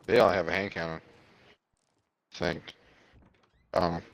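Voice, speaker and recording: A man's voice: deep voice, steady tone, unhurried, gravelly, background noise. A man chatting with a teammate during a shooter game, in short, offhand remarks. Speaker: gaming teammate. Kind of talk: casual game chat.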